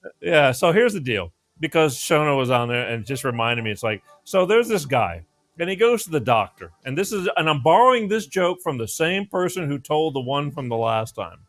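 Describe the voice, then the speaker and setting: A man's voice: on the high side, moderate pace. A man hosting a casual late-night talk show, rambling and telling jokes. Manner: rambling, animated, joke-telling. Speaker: show host.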